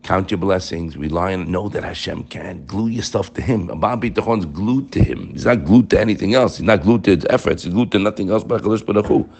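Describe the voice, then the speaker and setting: A man's voice: deep voice, a little fast, gravelly, hardly any pauses, a little mellow, breathy edge. A man teaching a spiritual lesson. He reads Hebrew text aloud, translates it, and urges his listeners on with rhetorical questions. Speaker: religious teacher.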